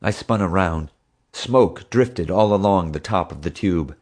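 Deep-voiced male audiobook narrator. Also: a little slow, darkish tone. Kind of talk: scripted narration.

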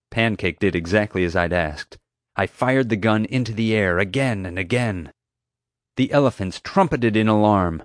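Male narrator, low voice, dry close studio sound, first-person storytelling. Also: moderate pace, dry recording. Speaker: audiobook narrator.

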